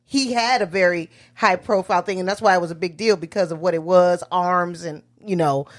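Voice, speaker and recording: A woman's voice: lowish voice, brisk. A woman co-hosting a movie review podcast who chats casually and laughs often. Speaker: podcast co-host.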